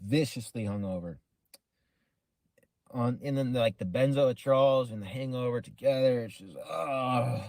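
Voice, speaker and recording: A man's voice: medium pitch, a little slow, pauses often, a little mellow, no room sound. A man casually telling a long story on a live stream, rambling with many fillers and frequent swearing.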